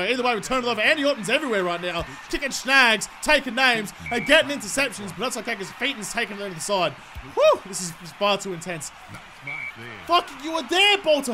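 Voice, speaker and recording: A young man with a strikingly high voice commentates his own video game match, cheering and cursing at his players. He swings between muttered worry and loud shouts. A clear hum of noise sits under his home mic. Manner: excitable, sweary, shouts at the players. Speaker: gaming YouTuber. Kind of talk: live gameplay commentary.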